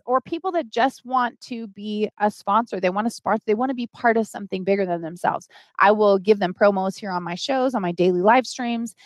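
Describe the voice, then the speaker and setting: A woman's voice: medium pitch, no echo, clean studio sound. A middle-aged woman hosting a live stream, earnestly pleading with viewers for help and greeting them by name as she talks.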